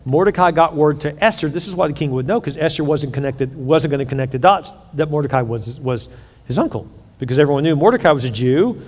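A man preaching a sermon, telling a story in a lively way and acting out each character's lines himself. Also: on the high side, fast, long reverb tail. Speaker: pastor.

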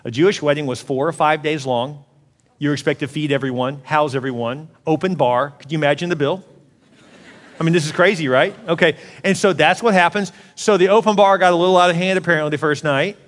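A man in his forties preaching a sermon as a pastor, telling the story in an animated way and acting out the voices. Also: a little high, a little fast, in a large hall. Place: church auditorium.

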